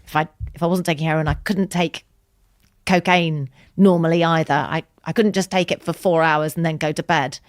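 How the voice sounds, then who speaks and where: Low-voiced woman telling her story frankly. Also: fairly even intonation, dry recording, clean studio sound. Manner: frank and emotional, swears freely, quick restarts. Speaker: podcast guest. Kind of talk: candid personal storytelling. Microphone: studio podcast mic.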